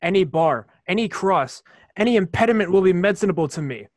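A bitter, scheming villain prince, played by a teenage boy, resentful and brooding. The voice is high and sounds dry, with no room around it. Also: animated, quick pace, no echo. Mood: spiteful. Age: late teens. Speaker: student actor. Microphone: video call.

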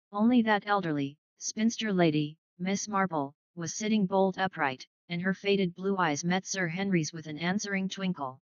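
A woman narrating an audiobook in a measured, even way. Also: fairly low pitch, no room sound, dull audio. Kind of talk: scripted narration.

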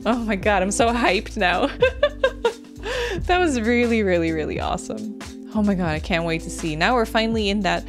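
A woman's voice: mid-range voice, fairly quick. A young woman commenting on a game as she plays, swearing freely and cheering herself on. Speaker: gameplay streamer. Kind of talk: let's play commentary. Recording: game music behind voice. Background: game music and rain sounds.

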